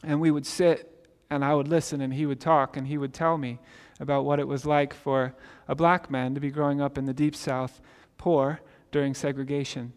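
A man's voice: medium pitch, flat delivery, normal speed, few pauses, clear, resonant tone, big-room sound. A male pastor preaching a sermon in a conversational way, often asking "right?" and restarting words.

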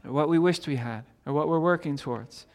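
A pastor with a high-pitched male voice gives a casual, talky sermon at a fairly quick clip. After tripping over his opening, he peppers his lines with "right?", and heavy reverb lingers on his voice.

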